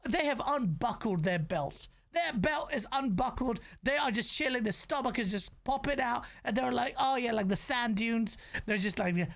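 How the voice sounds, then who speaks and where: A man hosting a gaming podcast in casual chat, ranting in an animated way, swearing freely and stumbling over restarts. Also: extremely high pitch, normal speed, creaky, hardly any pauses.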